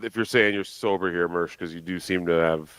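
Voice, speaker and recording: Quick, low male guest, fair-minded mediator. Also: fairly even intonation, fairly bright tone, clear, resonant tone, no room sound. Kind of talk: casual group call banter.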